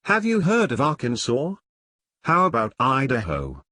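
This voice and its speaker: A man's voice: mid-range voice, huge pitch swings, measured pace, sharp tone, no echo, exaggerated voice. A cheeky young man bluffing a traffic cop with a perfectly straight face, as a male reader puts him on. He sounds dry and close, with no room around him, in a read-aloud story. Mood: deadpan.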